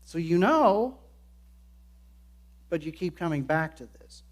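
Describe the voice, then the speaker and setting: A man's voice: fairly high pitch, lively intonation, slow. A man preaching a sermon in an earnest way, slipping into quoted voices as he explains the passage. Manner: earnest, acts out quoted lines. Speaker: pastor.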